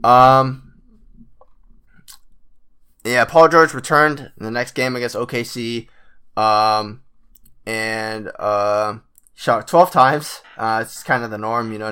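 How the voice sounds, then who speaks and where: A man's voice: mid-range voice, steady tone, takes it slowly, pauses often, pushed and bright, smooth. A young man, sick and with a cracking voice, ranting in casual commentary as a frustrated basketball fan who swears a lot. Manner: exasperated, swears a lot, many fillers.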